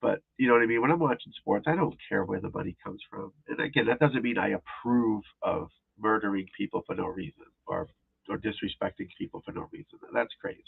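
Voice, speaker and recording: Gravelly low-voiced man rambling on stream. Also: fairly quick. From New England. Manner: rambling, restarts, talks to chat viewers. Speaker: golf instructor streaming live. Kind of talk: casual live-stream chat. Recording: tinny phone-like audio.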